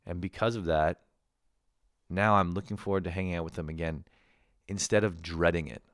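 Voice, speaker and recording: Deep-voiced Canadian man ranting. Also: brisk, no echo, studio quality. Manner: animated, swearing, laughing often. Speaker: podcast host. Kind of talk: casual comedic monologue.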